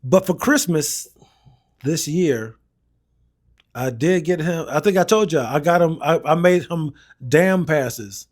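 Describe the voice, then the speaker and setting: Higher-voiced man, easygoing podcast talk. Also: slow. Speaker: podcast co-host. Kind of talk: casual podcast chat.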